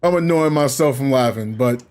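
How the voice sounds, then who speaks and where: A man's voice: medium pitch, moderate pace, darkish tone, soft background music. A young man chatting casually to his viewers while gaming, laughing constantly and rambling between bursts of giggles. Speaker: gaming streamer.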